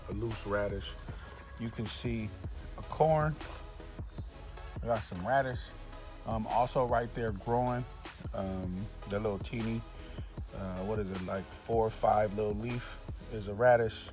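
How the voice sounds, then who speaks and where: Relaxed low-voiced man touring his garden. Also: a little slow, long pauses. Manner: relaxed, chatty, addresses viewers as y'all, many fillers. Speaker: home gardener giving a garden tour. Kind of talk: casual walk-through narration. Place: outdoors in a home garden. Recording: music playing clearly behind the voice.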